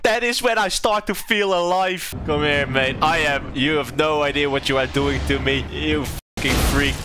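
A young man commentating his own gameplay, shouting, swearing and taunting the boss he is fighting. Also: fairly high pitch, normal speed. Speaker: gaming video creator. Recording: loud game music behind voice. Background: loud game music.

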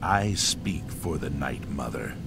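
A solemn video game assassin leader, with an extremely low voice full of gravel. He speaks slowly in a grave, ceremonial way. Faint game music runs behind him. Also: expressive, exaggerated voice.

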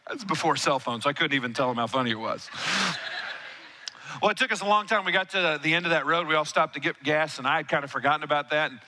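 Bright, lively preaching man. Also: a little high, fast. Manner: animated, storytelling, calls on the congregation. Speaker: pastor. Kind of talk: sermon.

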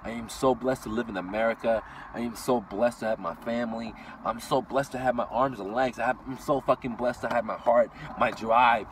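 A man's voice: medium pitch, fairly even intonation, fairly quick, hardly any pauses, recorded from a distance, a little hiss or hum. A man from Iran delivering a blunt, profane motivational rant as a vlogger, constantly swearing and tacking "dude" onto his lines. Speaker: vlogger and business owner.

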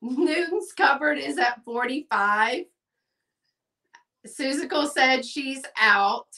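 Speaking slowly in a sharp, high-sitting voice, this woman is recorded from afar. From Texas, she hosts a live sale stream with casual, chatty talk, reading bids aloud and saying "y'all."

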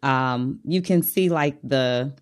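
A woman's voice: a bass voice, slow pace. A woman co-hosting a podcast, speaking hesitantly and searching for words in casual chat. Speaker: podcast co-host.

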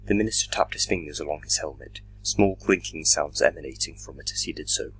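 Very deep-voiced man narrating a story. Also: fairly even intonation, fast talker, a bit bright, husky, rough recording.

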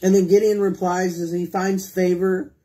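Male preacher with a fairly high voice, reads scripture aloud, puts questions to the congregation, voices pleading prayers. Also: little pitch movement, moderate pace, warm tone. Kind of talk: sermon.

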